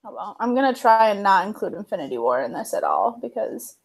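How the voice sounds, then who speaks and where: A woman's voice: mid-range voice, big pitch swings, a little fast. A young woman chatting on a livestream while she edits video, telling stories with lots of laughs and quoted lines. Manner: bubbly storyteller, laughs often, acts out quotes. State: chewing cookies. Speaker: livestream co-host. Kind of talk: casual chat while video editing.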